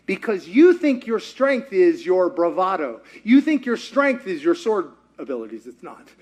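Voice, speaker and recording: A man preaching a sermon, retelling a story in a lively conversational way and acting out the characters' lines. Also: high voice, normal speed. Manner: acts out quotes in character voices, lively and conversational. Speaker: pastor.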